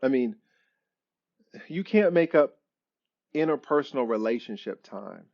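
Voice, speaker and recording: A man's voice: medium pitch, animated, unhurried, creaky, muffled recording. A man who is an attorney, hosting a live stream Q&A and answering viewers in an emphatic, repetitive, preachy way.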